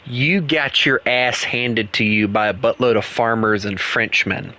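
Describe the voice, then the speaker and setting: Bright-voiced joking American streamer man. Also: mid-range voice, fairly even intonation, unhurried. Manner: joking, teasing, rambling with fillers. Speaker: game streamer. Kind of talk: casual livestream chat.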